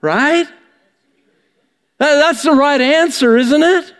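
A man with a high voice delivers a sermon from the pulpit, driving his message home with rhetorical questions. His words ring out with a long reverb across the church hall. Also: normal speed. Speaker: pastor. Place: church sanctuary.

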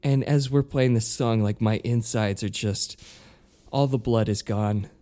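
A man telling a story in casual chat, animated, acting out the voices he quotes and stammering over his words. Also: fairly low pitch, measured pace.

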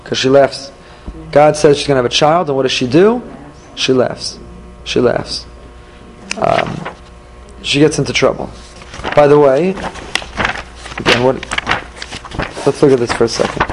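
A man teaching a Torah class, animated, asking questions and answering them himself. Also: medium pitch, a little slow, pauses often, a little hiss or hum, rough recording.

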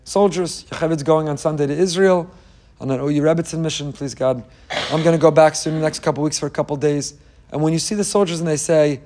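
A middle-aged man preaches a fervent sermon in a somewhat high-pitched voice. He keeps posing rhetorical questions and weaves in Hebrew quotations as he urges his listeners. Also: a little fast, darkish tone. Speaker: rabbi giving a Torah class.

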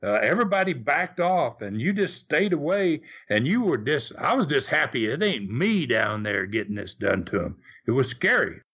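An older man, a former wrestler and interview guest, telling a story in a halting way, often repeating words as he goes. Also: mid-range voice, big pitch swings, a bit bright, husky.

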